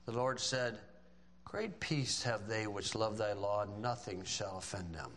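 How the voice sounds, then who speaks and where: A man's voice: on the low side, lively intonation, measured pace, fairly bright tone. Folksy preacher man in an echoing hall. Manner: folksy, joking asides between scripture quotes. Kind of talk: sermon.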